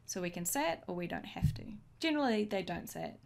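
A woman teaching a language lesson, modelling each phrase slowly and clearly for learners to repeat. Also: medium pitch, very animated, darkish tone. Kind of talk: slow, deliberate language lesson.

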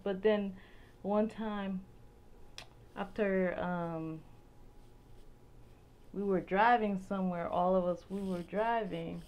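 Slow-talking New woman telling stories. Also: mid-range voice. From Brooklyn, New York. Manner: animated, laughs often, acts out voices. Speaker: vlogger. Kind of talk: casual storytelling to viewers.

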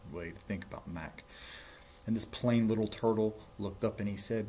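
A man's voice: fairly low pitch, moderate pace, warm tone, a little hiss or hum. A man reading a picture book aloud to children, breaking in with chatty, playful asides. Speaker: storybook reader for children.

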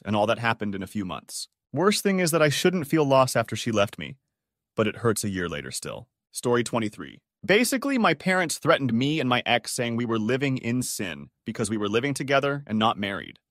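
A man reading online stories aloud as scripted narration, steady with sudden pitch jumps. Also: brisk, no echo, studio quality.

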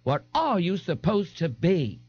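A flamboyant young dandy gushes in a high, swooping, sing-song voice full of breathy gasps and theatrical delight. He teases with mock horror, and every phrase swings up and down. The dry, slightly dull 1989 audiobook tape sits close and unadorned. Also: huge pitch swings, measured pace, a little mellow, dry recording, heavily acted. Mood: amused. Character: flamboyant, giddy young man, teasing and theatrical. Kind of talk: audiobook character voice.

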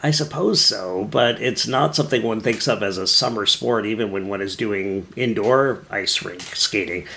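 A man with a fairly low voice co-hosts a casual podcast chat. He muses in a wry, thoughtful way and often pauses to find his words. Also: gravelly, sharp tone, slight background noise. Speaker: podcast co-host.

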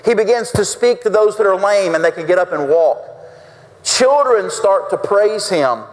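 Male pastor, high-pitched, folksy sermon, long church reverb. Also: animated, moderate pace. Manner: folksy, acts out quotes with big pitch swings. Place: church sanctuary.

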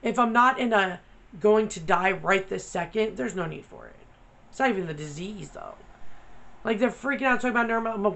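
A woman's voice: mid-range voice, lively intonation, brisk, creaky, a bit bright, poor audio. A woman vlogger talking candidly, blunt and profane, venting her frustration. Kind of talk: candid personal vlog.

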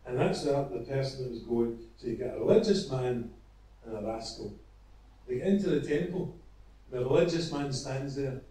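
Earnest preacher with a dark, echoey voice. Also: male voice, medium pitch, animated. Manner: earnest, storytelling, with halting restarts. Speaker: evangelist preacher. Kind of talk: evangelistic sermon. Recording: echoey, from far off.

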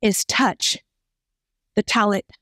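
A desperate, ashamed woman murmurs her plea in a low, hushed voice, as a woman preacher puts her on. She sounds pleading and sure of her aim, recorded close and dry. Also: steady tone, slow, no echo.

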